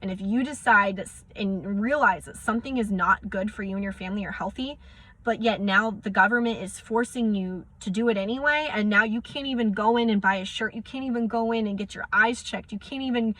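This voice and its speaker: A young woman vlogging, frustrated and close to tears as she recounts confrontations in quick bursts of dialogue. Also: mid-range voice, a bit bright, no echo. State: near tears. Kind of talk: emotional personal vlog rant.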